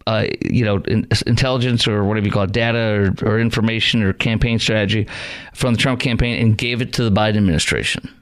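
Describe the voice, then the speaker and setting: A man's voice: mid-range voice, a bit bright, smooth. A man hosting a talk radio show, delivering a sarcastic, rambling monologue full of restarts.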